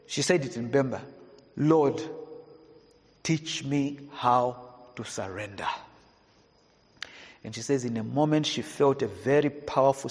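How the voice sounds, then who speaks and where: Pastor preaching in a reverberant hall. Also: male voice. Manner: swings between hushed, low passages and raised, emphatic preaching. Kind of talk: sermon. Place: church hall.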